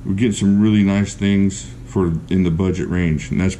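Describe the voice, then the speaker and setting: A man giving a casual, chatty knife review, enthusiastic and quick to laugh. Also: deep voice, fairly even intonation, warm tone, a little hiss or hum.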